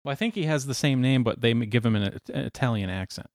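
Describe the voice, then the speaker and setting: A man hosting a podcast in casual chat, laid-back and quick to laugh. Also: medium pitch, lively intonation, a little mellow, no echo, studio quality. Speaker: podcast host.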